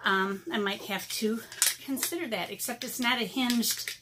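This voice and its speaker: A woman's voice: a little high, normal speed, pushed and bright, slight background noise. A middle-aged woman chatting casually through an art supply unboxing, rambling with lots of ums and a little out of breath. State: slightly out of breath. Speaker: watercolor artist vlogger.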